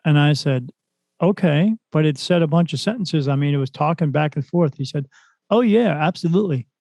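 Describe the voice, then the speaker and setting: A man's voice: fairly high pitch, a little fast, no room sound. A man telling a story as a podcast guest, a spirit medium, retelling events animatedly and acting out other people's lines. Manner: animated retelling, acts out quoted voices. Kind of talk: casual storytelling.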